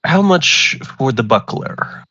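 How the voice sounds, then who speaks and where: A man playing a formal adventurer who makes sun rods and holy water, speaking in slow, old-fashioned phrasing. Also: mid-range voice, lively intonation, bright, forceful tone, no room sound, highs cut off, heavily acted.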